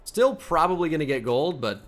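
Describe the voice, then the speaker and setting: A man's voice: a little high, very animated, fairly quick, faint music behind. A man commenting casually on a football video game as he plays, swinging between cheering and muttering. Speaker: gaming YouTuber.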